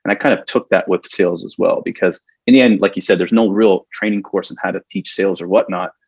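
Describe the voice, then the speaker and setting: A man's voice: deep voice, steady tone, quick pace, slightly rough, no echo. Guy in his 40s telling stories on a podcast, laughs a lot, dry muffled sound. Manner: chatty, laughs often, many restarts. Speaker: podcast guest. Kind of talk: casual interview storytelling.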